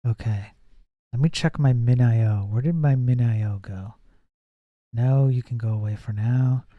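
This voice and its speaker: A man's voice: mid-range voice, dark tone, no echo. A man live-streaming while he codes, thinking aloud and chatting with viewers, with frequent restarts. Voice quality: says his voice gets nasal when projecting. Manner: thinks aloud, reads chat, trails off and restarts. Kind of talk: casual live-stream chat while coding.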